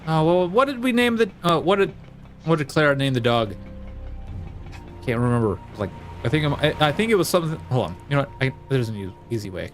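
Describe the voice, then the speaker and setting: Playful, rambling let's-play host, man, slightly high voice, faint music under. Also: sing-song, a little fast. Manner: rambling, playful, many fillers. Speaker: gaming channel host.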